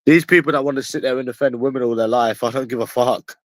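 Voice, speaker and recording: A man's voice: mid-range voice, steady tone, fast talker, dry recording. London guy on a stream going off at his chat, swears a lot, keeps repeating himself, dry sound. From London, England. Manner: confrontational, profane, repetitive. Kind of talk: combative livestream rant.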